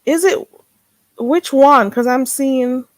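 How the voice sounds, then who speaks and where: A woman's voice: high voice, takes it slowly, no room sound. A woman vlogger in casual solo chat, chatty and self-mocking, talking half to herself.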